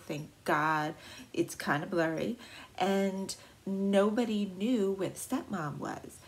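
A woman with a voice a little lower than most speaks as an art history vlogger. She tells her story casually, with slang and playful dramatic asides.

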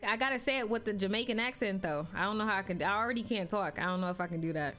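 Excitable woman streaming a game. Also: medium pitch, very fast, faint music behind. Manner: loud, excitable, swearing banter. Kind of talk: live gameplay commentary.

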